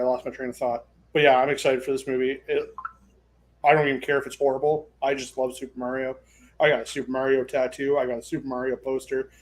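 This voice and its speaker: A man chatting as a guest, at an ordinary mid pitch, talking with eager enthusiasm and rambling through fillers and restarts. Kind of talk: casual chat.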